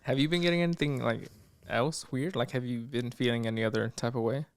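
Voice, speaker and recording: A man's voice: medium pitch, steady tone, fairly quick, clear, resonant tone, no room sound, clean studio sound. A man co-hosting a casual podcast, laid-back and teasing, with frequent swearing. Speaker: podcast co-host. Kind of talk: casual chat.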